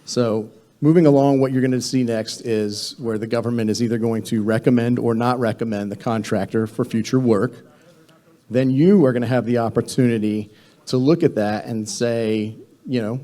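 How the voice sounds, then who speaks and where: A man's voice: mid-range voice, steady tone, normal speed, dark tone. A man presenting a government contracting training session to a room of attendees, speaking conversationally with frequent fillers and restarts.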